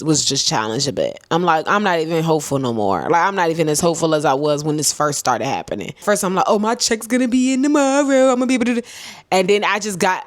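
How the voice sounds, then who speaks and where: Chatty young woman with a dry close sound. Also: dry recording. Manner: chatty, talks to viewers as "girl" and "y'all"; reflective, swings high and low in pitch. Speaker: vlogger. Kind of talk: casual storytime to camera.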